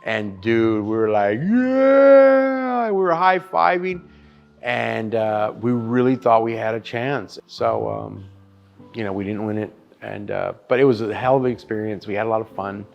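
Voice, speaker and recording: Emphatic pitmaster with a profane streak. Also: male voice, on the low side, flat delivery, normal speed, creaky, dull audio, soft background music. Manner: emphatic and profane, calls the listener dude and bro. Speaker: barbecue pitmaster and chef. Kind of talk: casual interview storytelling.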